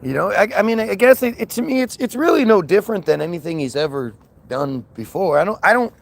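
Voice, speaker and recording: A man's voice: high voice, very animated, quick pace, creaky. Swearing ranting guy, scornful, rambles, voice jumps around a lot. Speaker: vlogger. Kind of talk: casual ranting monologue.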